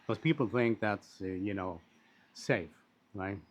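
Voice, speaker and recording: A man talking in a casual, rambling monologue, blunt and quick to swear, with frequent restarts and asides. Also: lowish voice. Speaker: commentator on social issues. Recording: dull lo-fi recording.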